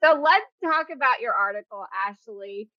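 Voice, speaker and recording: Podcast host, woman, animated and teasing, lively pitch, dry and slightly dull sound. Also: normal speed, no room sound. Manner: laughs often, animated and teasing. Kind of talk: casual interview chat.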